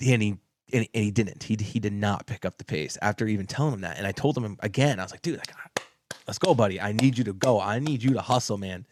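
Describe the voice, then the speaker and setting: A man casually telling a long work story on a podcast, animated, repeating himself and laughing as he acts out what people said, swearing now and then. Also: fairly low pitch, fast, noisy background.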